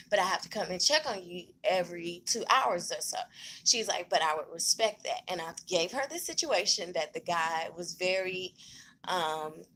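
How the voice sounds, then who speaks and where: A woman vlogging casually from a hospital room, telling a story in an animated, conversational way. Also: mid-range voice, a little hiss or hum, poor audio. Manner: animated, conversational, many fillers.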